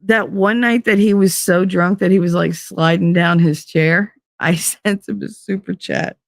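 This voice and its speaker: A woman's voice: lowish voice, steady tone, unhurried, vocal fry, no room sound, clean studio sound. Giggly, rambling woman streamer. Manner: rambling, giggly, swears freely. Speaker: live streamer. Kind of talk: casual chat stream.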